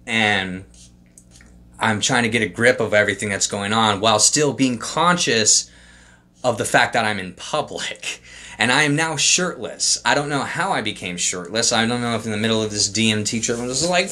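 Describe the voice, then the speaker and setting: Young male vlogger, low-ish bright voice, rambling and profane, trip-report storytelling. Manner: loose, profane storytelling with lots of fillers. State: emotional, holding back tears. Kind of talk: casual trip report monologue.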